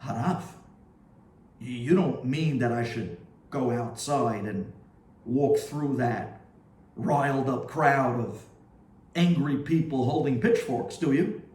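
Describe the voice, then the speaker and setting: A man's voice: mid-range voice, slow pace, long pauses, a little mellow, far from the mic, close to an everyday voice. A man voicing a fearful male servant who pleads nervously. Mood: pleading. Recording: roomy echo.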